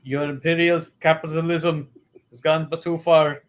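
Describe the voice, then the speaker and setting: A man's voice: on the high side, level tone, measured pace, a little hiss or hum, lightly acted. A man putting on a stock movie villain. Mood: mock menace. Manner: mock-menacing, overdone. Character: threatening male foreign villain, stock movie type.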